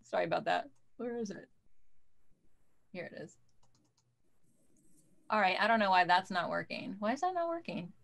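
Woman quilter guesting on a video call; bright, chatty, casual. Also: mid-range voice, expressive, normal speed, vocal fry, long pauses. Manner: chatty, scattered while fumbling with screen sharing.

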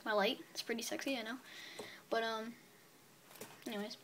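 A chatty woman with a fairly high voice talks through her week's comic books in a relaxed video review. She rambles with fillers and stays upbeat, with a faint hiss behind her. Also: moderate pace. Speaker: comic book vlogger.

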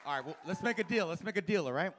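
A man's voice: sits high, lively intonation, racing, fairly bright tone, a little hiss or hum. A man doing live stand-up in a comedy club, working the crowd with a brash, profane, teasing manner into a handheld stage mic.

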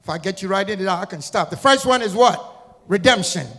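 A male guest pastor preaching an Easter sermon, firing repeated questions at the congregation and building into shouted, sing-song crescendos. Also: high-pitched, animated, fairly quick. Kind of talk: Easter sermon with call-and-response. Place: church sanctuary. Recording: church hall reverb with music.

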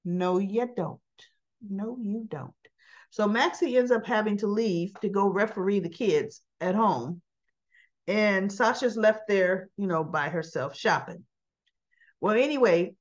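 A woman with a medium-pitched voice recaps a soap opera episode casually and chattily, speaking a little slowly. She acts out the characters' lines and laughs often, and the recording's high frequencies are cut off.

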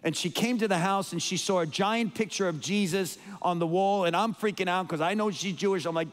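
A man's voice: high-pitched, a little fast, few pauses. Emotional man preaching in a reverberant hall. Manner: emotional, rambling with restarts and repeated words. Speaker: guest preacher. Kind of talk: storytelling sermon. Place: church sanctuary.

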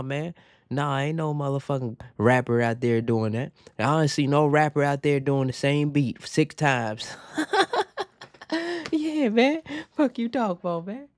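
Excitable man reacting, dry mic. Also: mid-range voice, dry recording. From Virginia, USA. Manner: excitable, profane, keeps repeating "man". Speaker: reaction video host. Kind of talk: casual reaction commentary. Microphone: headphones on, talking to camera.

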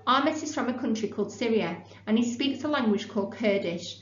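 A woman reading aloud and voicing a calm, patient female teaching assistant explaining things to children. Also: a little high, a little fast, reverberant, lo-fi sound, lightly acted.

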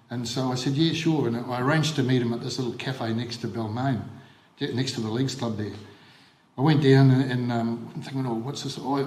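An older man with a New Zealand accent delivers a funeral eulogy, mid-pitched, recalling his coaching years. He talks haltingly, repeating words and filling gaps with ums. The sound is echoey, as in a service hall. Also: a little mellow. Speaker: former rugby league coach giving a eulogy.

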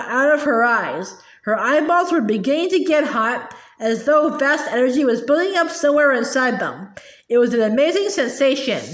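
High-voiced woman reading a storybook. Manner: expressive, with occasional stumbles and repeats. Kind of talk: reading a children's novel aloud. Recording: echoey room.

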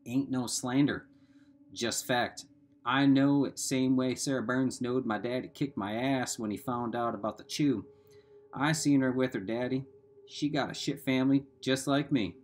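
A crude, jeering teenage boy, as a man reading a novel aloud puts him on, talking in coarse slang at a middle pitch. Faint music sits behind the reading. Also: measured pace, natural voice. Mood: taunting. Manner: coarse backwoods slang, mocking.

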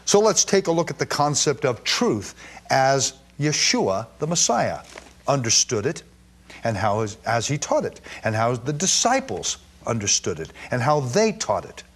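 Male Bible teacher from Jerusalem, husky voice, animated emphatic delivery with stammered restarts. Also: medium pitch, a little slow.

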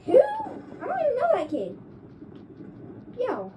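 A woman streaming gameplay, with excitable trash talk and sudden yelps. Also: extremely high pitch, slow, background noise. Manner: excitable, trash-talking, yelps when killed. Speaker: gaming streamer. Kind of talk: live gameplay commentary.

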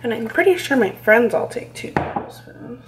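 A woman's voice: a little high, animated, moderate pace, noisy background. A young woman vlogging casually at home, reacting dramatically and squeamishly as she talks through a recipe. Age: young adult. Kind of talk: casual vlog chat.

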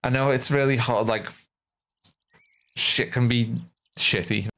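A man streaming live, chatting casually with his viewers in an excitable, swearing, often laughing way. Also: medium pitch, slow pace, noisy background.

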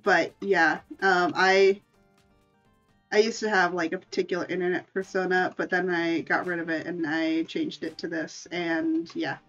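A woman's voice: on the low side, flat delivery, normal speed, a bit bright, muffled recording, faint music behind. A woman streamer chatting casually while she draws, rambling, correcting herself and laughing often. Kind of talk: casual chat while drawing.

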